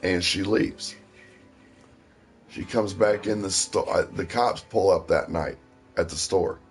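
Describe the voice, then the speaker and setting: Very deep-voiced profane man from Ohio. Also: takes it slowly, soft background music. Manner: profane, rambling anecdotes. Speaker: stream host. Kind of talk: casual storytelling.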